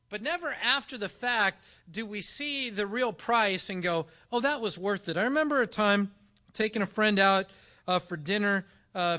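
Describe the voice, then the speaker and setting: A man preaching a sermon, telling a personal story with lively acted-out dialogue. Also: high voice. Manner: animated storytelling, acting out dialogue. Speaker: pastor.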